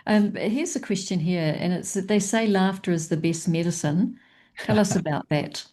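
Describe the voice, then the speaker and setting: A woman hosting an interview in a gentle, thankful manner. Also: fairly low pitch, moderate pace. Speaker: host.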